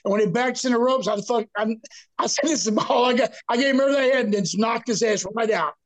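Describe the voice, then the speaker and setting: An older man with a drawl tells profane stories from his past. His voice sits very high for a man, and he delivers the tales in a lively, animated way. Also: quick pace. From Texas. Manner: salty, profane, animated storyteller. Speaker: guest. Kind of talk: casual storytelling.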